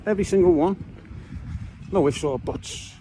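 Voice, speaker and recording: Out on Liverpool's streets, a man with the local accent films a playful, cheeky vlog for his viewers. His voice is high and warm at normal speed, with a little hiss or hum behind it.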